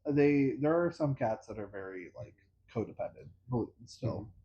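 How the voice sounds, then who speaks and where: A man's voice: medium pitch, lively intonation, moderate pace, warm tone. A man co-hosting a casual podcast chat, easygoing, with wry comebacks. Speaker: podcast co-host. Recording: dull lo-fi audio.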